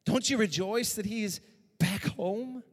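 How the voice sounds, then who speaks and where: A man preaching a sermon as pastor, moving between hushed personal tones and raised, urgent exhortation. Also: high-pitched, unhurried, in a large hall.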